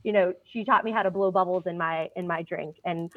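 A woman's voice: fairly low pitch, fairly even intonation, brisk, no room sound. A woman guest in an interview, telling stories in an earnest, casual way with some fillers. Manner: earnest storyteller, uses fillers. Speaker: guest, founder of a storytelling platform. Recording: tinny phone-like line.

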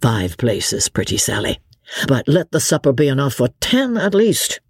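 A woman's voice: a bass voice, sing-song, normal speed, breathy edge, no echo, studio quality, full character voice. Woman doing a hearty young English lord. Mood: jovial. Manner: hearty and exuberant.

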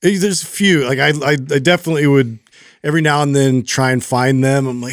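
A man's voice: mid-range voice, a little fast, no echo. Rambling storyteller man, dry close sound. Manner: rambling, filler-heavy, animated retelling. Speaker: podcast co-host. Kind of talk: casual storytelling chat.

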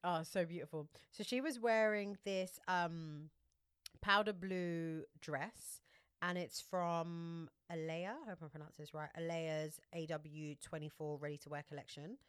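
A woman's voice: lowish voice, steady tone, unhurried, a bit bright, clean tone, no room sound, clean studio sound. A woman co-hosting a casual fashion podcast, chatty and giggly, describing outfits with lots of fillers. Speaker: podcast co-host. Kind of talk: casual chat about red-carpet fashion.

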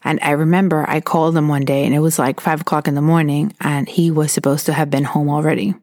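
A woman's voice: deep voice, flat delivery, fast talker, darkish tone, dry recording, studio quality. A woman talking earnestly and candidly, sharing her own experiences as advice. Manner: earnest and candid, recounting personal stories. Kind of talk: personal advice talk.

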